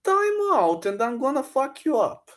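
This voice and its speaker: A brash loudmouth yells his boasts over and over in a high, squealing pitch, as a man puts him on. The voice leaps wildly up and down. Every word drips with swagger. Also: wildly swooping pitch, measured pace, heavily acted. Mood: taunting. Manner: shrill, repeated yelled boasts.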